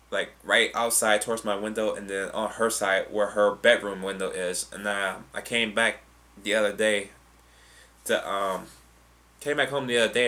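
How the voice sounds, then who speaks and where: A man's voice: fairly low pitch, bright, forceful tone. Rambling, cursing young man. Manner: rambling, profane and loose, with restarts. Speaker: vlogger answering viewer questions. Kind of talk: casual chat.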